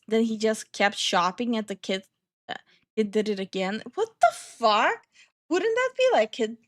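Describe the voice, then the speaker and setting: A woman's voice: on the high side, fairly bright tone. A young woman streaming live from New Jersey, reading chat aloud, who stutters and swears freely while reacting to her viewers. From New Jersey, USA.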